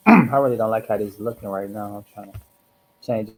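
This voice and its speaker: A man hosting a casual livestream, reflective and rambling, hoarse from smoking and clearing his throat often. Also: fairly low pitch, normal speed, darkish tone, poor audio. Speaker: host.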